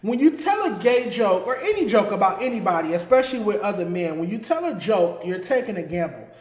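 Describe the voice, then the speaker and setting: Man, high-pitched voice, heated commentary host, emphatic, echoey room. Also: sing-song, a little fast. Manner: heated, emphatic, repeats points. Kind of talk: solo commentary.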